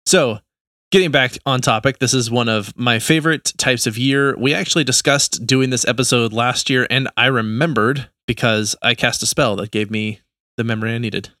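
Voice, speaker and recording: A man co-hosts a casual podcast, retelling a film scene with easy laughter. His voice is bright and forceful. The sound is dry and close. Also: mid-range voice, fairly even intonation, normal speed, no echo. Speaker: podcast co-host.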